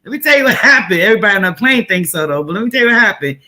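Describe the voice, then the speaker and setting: Animated New woman telling a story. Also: medium pitch, very fast. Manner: animated, emphatic, repeats phrases for effect. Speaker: host. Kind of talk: casual storytelling chat.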